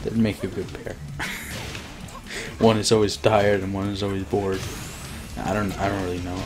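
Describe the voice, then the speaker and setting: Excitable swearing male game streamer. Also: low-pitched, normal speed, music in the background. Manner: excitable, swears and laughs often. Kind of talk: casual gameplay commentary.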